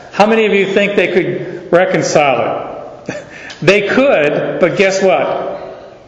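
A male pastor preaches in a folksy, animated way, full of stories. His voice sits a little high. The sound echoes through a large church and comes across dull. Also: takes it slowly. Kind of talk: sermon.

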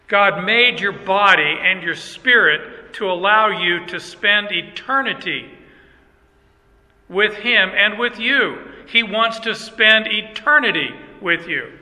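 High, bright-voiced older male pastor preaching. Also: expressive, slow pace. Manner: conversational, joking preaching with asides to the congregation. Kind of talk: sermon. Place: church. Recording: long church reverb.

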